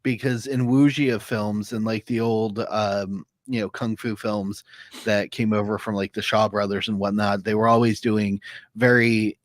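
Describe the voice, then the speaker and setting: A man's voice: on the low side, little pitch movement, unhurried, dry recording. Man explaining films, dry close sound. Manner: explanatory, thoughtful. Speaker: podcast panelist. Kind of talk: casual film discussion.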